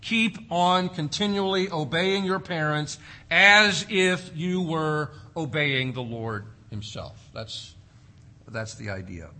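A man preaching a sermon, swinging between loud emphasis and hushed, quiet drops. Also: fairly high pitch, expressive, slow. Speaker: pastor.

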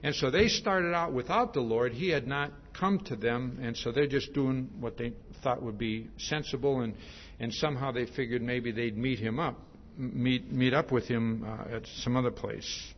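A man preaching a sermon in a relaxed, conversational way, retelling a story with animated asides and frequent restarts. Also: mid-range voice, moderate pace, a little hiss or hum. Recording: dull lo-fi recording.

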